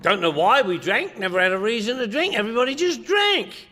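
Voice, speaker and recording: A middle-aged man with a London accent speaks to a crowd in a bright, fairly high voice. His pitch swings widely as he tells comic stories in a punchy way, now and then breaking into a shout. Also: very animated, brisk. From England. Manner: loud, joking, punchy with bursts of shouting. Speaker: recovery meeting speaker. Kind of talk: comic storytelling talk to a crowd.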